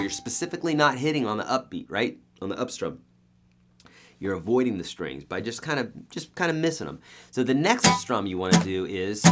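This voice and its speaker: A man with a lowish voice teaches a beginner guitar lesson in a brisk, sing-song way. Strumming as he goes, he counts the beats out loud, coaches emphatically, and keeps repeating "okay" and "right."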